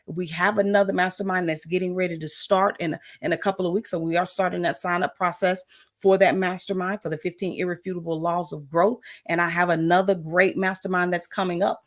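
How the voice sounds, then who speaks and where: A woman's voice: on the low side, little pitch movement, brisk. A woman coach hosting a motivational livestream talk. She is encouraging, repeats affirmations, and uses many "uh" fillers. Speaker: coach and show host.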